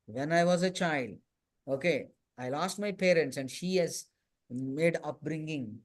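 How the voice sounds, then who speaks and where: A man's voice: on the high side, unhurried, natural voice. A man voicing a condemned male criminal who bitterly blames his aunt, in a classroom story. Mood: accusing.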